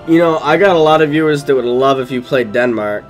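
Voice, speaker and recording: A man's voice: medium pitch, brisk, over music. A young man hosting a gaming channel, chatting casually, joking loosely and swearing freely.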